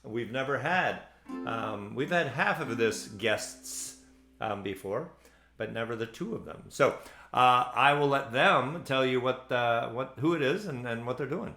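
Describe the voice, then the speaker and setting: A man's voice: mid-range voice, unhurried, gravelly, roomy sound, faint music behind. A man from Central Florida hosting a ukulele play-along show, chatting casually between songs with lots of ums and uhs. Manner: relaxed, rambling, many ums and uhs.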